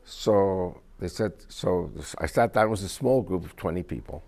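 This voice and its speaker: An American man gives a lecture-style talk, telling stories with emphasis and quizzing the audience with questions. His voice is deep with a darkish tone, and he moves at a moderate pace.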